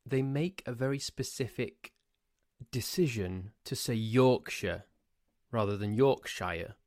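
A mid-range, darkish male voice at a moderate pace, recorded in the studio with no room sound. He's a podcast host from Cheshire, England with an English accent, delivering a casual solo monologue that is rambling, pedantic and full of ranting asides.

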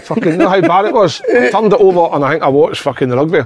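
A Scottish man on a podcast, telling sweary, animated stories in casual chat and laughing a lot. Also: high-pitched, very fast, slightly rough. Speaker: podcast co-host. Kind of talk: casual storytelling.

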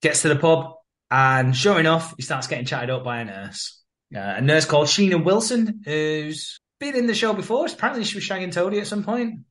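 A man's voice: fairly high pitch, lively intonation, brisk, a bit bright. A man co-hosting a podcast, casually recapping a soap episode, swearing and acting out the characters' lines. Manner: laughs often, swears, acts out the characters' lines. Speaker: podcast co-host.

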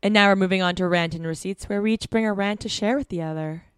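Smooth-voiced woman podcast co-host. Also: medium pitch, dry recording, clean studio sound. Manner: measured, reflective, fond of "like". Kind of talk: casual podcast chat.

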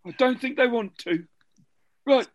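A woman's voice: on the high side, measured pace, no echo. A woman hosting a casual quiz and ribbing the players with bawdy jokes. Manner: teasing, bawdy, laughing quizmaster. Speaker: quiz host. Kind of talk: casual podcast quiz banter.

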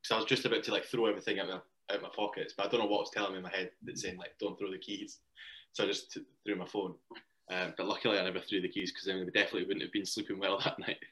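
A young man with a very deep voice chats as a podcast guest, recounting stories in an easy, rambling way. He laughs often as he talks. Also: flat delivery, racing, fairly bright tone. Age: young adult. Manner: chatty, laughs while telling anecdotes. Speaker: guest, cricket player. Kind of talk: casual interview storytelling.

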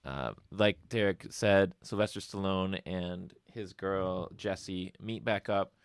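A man's voice: deep voice, takes it slowly, clean tone, no room sound, clean studio sound. A man co-hosting a podcast, recapping a film's plot with wry asides in casual chat. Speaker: podcast co-host.

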